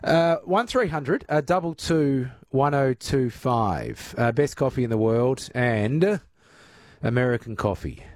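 A man hosts a talkback show in a dry, close studio sound. His voice sits at an ordinary middle pitch, and he rambles along casually with plenty of fillers. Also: animated, unhurried, no room sound. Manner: chatty, filler-heavy. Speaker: talkback radio host. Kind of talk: radio talkback. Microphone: studio mic.

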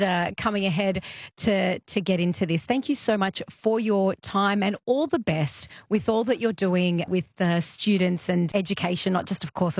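A woman's voice: medium pitch, no room sound, clean studio sound. Friendly woman radio host. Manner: friendly, encouraging, gives brief backchannel. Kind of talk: radio interview. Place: radio studio.

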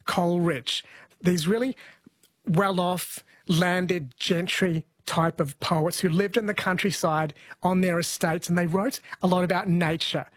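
A man's voice: sits high, steady tone, unhurried, no echo. A man hosting a talk show, explaining things in an earnest, chatty way. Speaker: podcast host. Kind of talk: casual chat, explaining.

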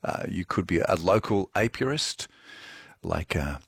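Male radio presenter, very deep husky voice, dry close sound, chatty. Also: expressive, a little slow, dry recording. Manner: chatty, jokey. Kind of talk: radio show links.

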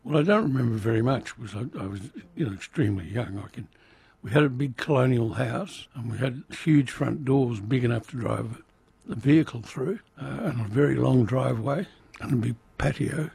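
A man's voice: medium pitch, brisk, gravelly, a little mellow, husky. An older man, recalling his childhood in an oral history interview with dry humour. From Indonesia. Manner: reflective, dry humour, some restarts.

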